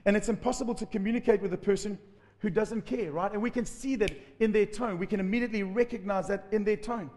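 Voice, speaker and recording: A man preaching a sermon as pastor, lively, acting out quotes. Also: sits high, quick pace, in a large hall. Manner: animated preaching with acted-out quotes.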